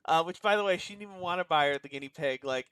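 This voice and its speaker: A man's voice: fairly high pitch, very fast, a bit bright, clean tone, dry recording. A young man co-hosting a casual movie review, loose and slangy, often trailing off mid-thought. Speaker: movie review podcast co-host. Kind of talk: casual chat.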